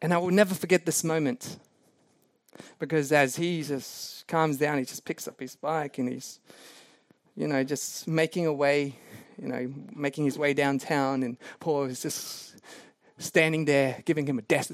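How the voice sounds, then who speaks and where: Male preacher, high register, sermon storytelling, jokes at his own expense, dry close recording. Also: measured pace, dry recording. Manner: animated, self-mocking anecdotes with laughs.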